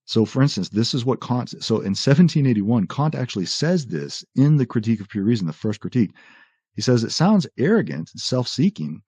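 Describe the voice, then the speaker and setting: A man explaining philosophy in a conversational lecture, quoting texts and often pausing on "uh" and "right?". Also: mid-range voice, husky, dry recording. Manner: animated explainer, quotes texts, frequent "uh" and "right?". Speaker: podcast guest explaining philosophy.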